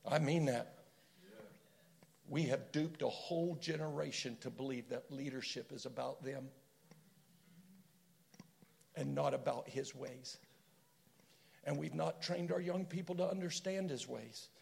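A man preaching a sermon in a prayer room, passionate and conversational, swinging from loud to hushed. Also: mid-range voice, a little slow, creaky, pauses often.

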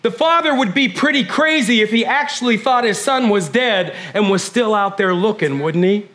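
A male pastor in his forties preaching a sermon, conversational and animated, swinging from hushed moments to loud ones. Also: high voice, moderate pace.

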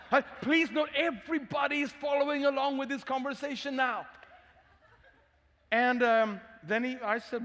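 Swedish pastor joking through his sermon, fairly high voice, big echoey hall. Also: a little slow, fairly bright tone. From Sweden. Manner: humorous storytelling, candid. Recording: long hall reverb.

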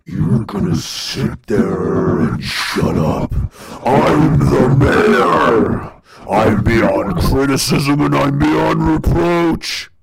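A man mocking a smug, authoritarian male mayor who claims to be beyond criticism, speaking in a slow, gloating, menacing way. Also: medium pitch, very animated, vocal fry, slightly rough, pitched below the performer's own voice, exaggerated voice, poor audio.

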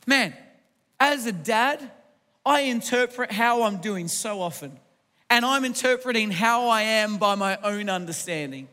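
Male pastor, high bright voice, emphatic preaching with hall reverb. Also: normal speed. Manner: emphatic, repeats phrases, asks the congregation questions. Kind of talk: sermon. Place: church.

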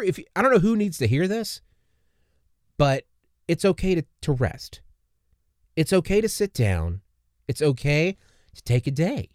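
Earnest, rambling man, lively pitch. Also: no echo, studio quality. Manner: earnest, rambling, frequent restarts and repeated words. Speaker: podcast host. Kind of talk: casual faith-based podcast talk.

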